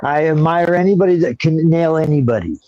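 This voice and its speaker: A man with a somewhat high voice hosting a loose chat and going off on conspiratorial rants. The recording is dry and dull, with a lo-fi edge. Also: a little fast, dark tone, dry recording. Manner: ranting, conspiratorial asides. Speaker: host. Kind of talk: casual chat.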